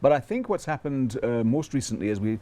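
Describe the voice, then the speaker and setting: A man appearing as a fund manager guest in a TV interview, answering quickly and hesitantly with many fillers. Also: medium pitch, very animated, dark tone.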